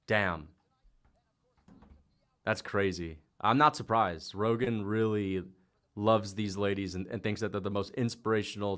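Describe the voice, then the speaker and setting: A young man hosting a fight-reaction livestream, chatting loosely, swearing and reading out viewer donations. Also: fairly low pitch. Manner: loose, swears often, excitable outbursts.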